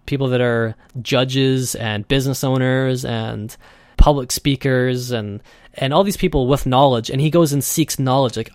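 A man's voice: mid-range voice, normal speed, no room sound, studio quality. A man hosting his own podcast, talking loosely and conversationally and acting out the voices he quotes. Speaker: podcast host. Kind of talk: casual solo podcast monologue.

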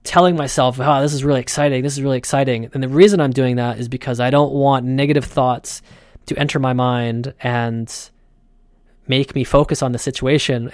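A male podcast host tells a travel story casually, with plenty of animation. His voice is mid-pitched, and the recording is close and dry. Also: no room sound. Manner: animated, acts out his own thoughts.

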